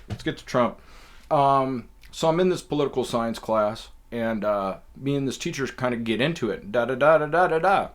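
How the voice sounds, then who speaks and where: A man hosting his own show, telling a rambling story in casual, profane talk full of fillers. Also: mid-range voice. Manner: profane, loose and conversational with many fillers. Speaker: podcast host.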